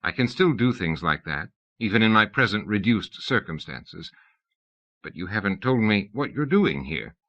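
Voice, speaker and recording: A man reading as a sly old god, coaxing and smooth-talking, whose pitch swings about freely. He sounds bright and keen, on a dull lo-fi audiobook recording. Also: sing-song, normal speed, dry recording. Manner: coaxing, persuasive.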